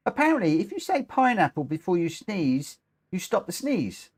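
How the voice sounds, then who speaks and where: A man's voice: sits high, big pitch swings, normal speed, slightly rough. A man hosting a live racing game stream, chatting casually and self-mockingly as he reads out chat. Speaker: livestream host running online racing lobbies.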